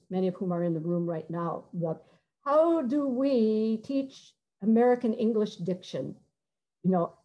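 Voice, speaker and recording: A middle-aged woman composer giving a conversational talk, halting and searching for words, sometimes singing short phrases to demonstrate. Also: medium pitch, highs cut off. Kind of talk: conversational talk with many fillers and restarts.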